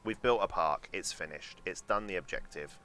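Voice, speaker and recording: Young London streamer, low, bright and lively voice, chatty and sweary, faint hiss under the mic. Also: male voice, moderate pace. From England. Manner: chatty, sweary, answers chat aloud. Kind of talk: casual live-stream chat while gaming.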